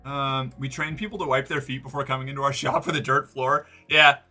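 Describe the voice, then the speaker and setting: A man's voice: medium pitch, fairly even intonation, brisk, bright, forceful tone, faint music behind. A man streaming live, chatting casually and rambling, often restarting and swearing. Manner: rambling, self-interrupting, swears.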